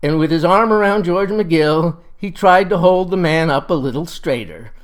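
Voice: mid-range voice, moderate pace. A storyteller narrating a folksy tale in a wry, leisurely way. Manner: wry, leisurely yarn-spinning.

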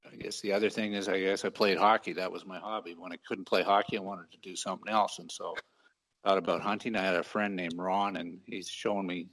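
A middle-aged man from Southern Ontario, a farmer guest answering interview questions in a modest, halting way with many fillers. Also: sits low, little pitch movement, fairly bright tone, low-quality recording. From Southern Ontario, Canada.

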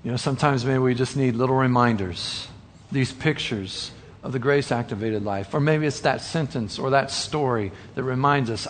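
A man preaching a sermon, earnest and full of rhetorical questions, slowing down for emphasis. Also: mid-range voice, slight background noise.

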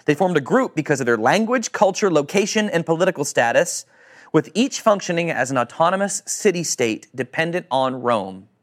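A man preaching a sermon to a congregation, animated, acting out quoted voices and asking questions. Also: mid-range voice. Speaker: pastor.

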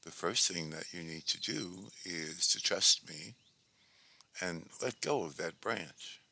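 Kindly angel, a man puts it on, low gravelly voice, calm and gentle. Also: takes it slowly, exaggerated voice. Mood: reassuring. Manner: gentle, reassuring.

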